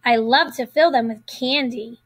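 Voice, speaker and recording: A proud, excitable little girl chirps her lines, as a woman reading aloud puts her on. The voice sits high and eager, in a children's storybook reading. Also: unhurried.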